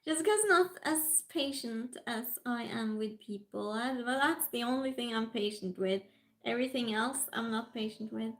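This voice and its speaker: A woman hosts a relaxed livestream, greeting her viewers by name and reading their comments aloud. Her voice sits high, and she takes her time with each thought, laughing often. Soft music plays faintly underneath. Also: rough recording. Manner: chatty and giggly, greets viewers one by one. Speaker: livestream host. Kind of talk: casual stream chat, reading out viewer comments.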